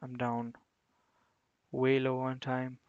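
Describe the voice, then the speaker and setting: Slow-talking chess streamer, dull lo-fi sound. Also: male voice, mid-range voice, monotone, darkish tone, clear, resonant tone, dry recording. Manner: chatty, talks to viewers, self-mocking about his blunders. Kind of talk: live commentary while playing online chess.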